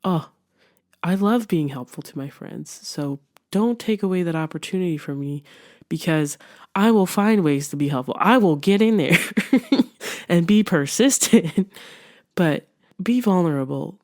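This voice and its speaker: Low, mellow-voiced woman giving earnest encouragement. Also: expressive, unhurried. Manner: earnest, encouraging, conversational with fillers. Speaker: podcast host. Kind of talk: heartfelt motivational self-help talk.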